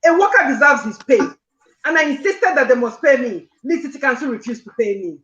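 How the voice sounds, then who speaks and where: High, bright-voiced woman telling her story. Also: expressive, a little fast, reverberant, dull audio. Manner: distressed, earnest, repeats points insistently. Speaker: caller. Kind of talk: emotional personal account on a call-in show.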